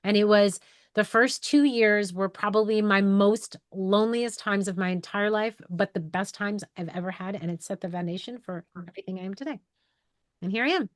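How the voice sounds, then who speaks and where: A woman's voice: medium pitch, normal speed, no room sound, studio quality. A woman in her forties from New York, a photographer telling her story in a candid, rambling, emotional way to an online group. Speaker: photographer and educator hosting a live call.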